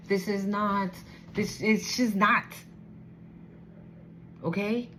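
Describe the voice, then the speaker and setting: A tarot reader with a mid-range voice, recorded with slight hiss or hum, gives a casual spiritual card reading. She's blunt, profane and streetwise, and grows emotional as the reading goes on.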